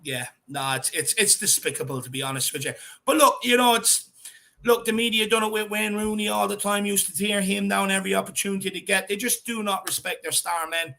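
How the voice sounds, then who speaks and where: Irish man with a high, gravelly voice. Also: a little fast. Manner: chatty, reads out viewer comments with shout-outs. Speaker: fan show co-host. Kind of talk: casual live-stream chat.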